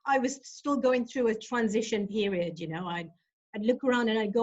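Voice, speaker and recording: A woman's voice: fairly high pitch, lively intonation. Earnest woman from South Africa, muffled. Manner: earnest, halting with restarts and fillers in chat. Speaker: guest. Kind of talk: reading her own essay, then casual chat.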